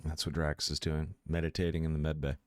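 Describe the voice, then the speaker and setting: Deep-voiced man narrating his character. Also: level tone, brisk, dry recording, clean studio sound. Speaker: player.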